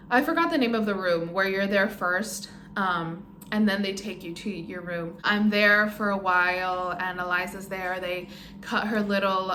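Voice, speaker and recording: A woman's voice: medium pitch, fairly bright tone, slight background noise. A young woman vlogger casually telling her birth story, rambling with lots of "um" and "like". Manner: rambling, many fillers like "um" and "like". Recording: roomy echo.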